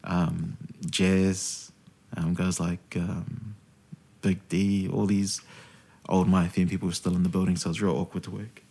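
A man's voice: sits low, a little slow, gravelly. A radio host telling stories in a casual interview, swearing freely and acting out the people he quotes. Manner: animated storyteller, swears freely, acts out quoted voices.

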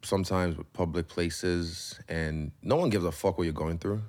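Deep-voiced man talking candidly. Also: fairly even intonation, moderate pace, a little mellow. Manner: loose, rambling, swears freely. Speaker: interview guest, pro fighter. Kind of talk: candid casual conversation.

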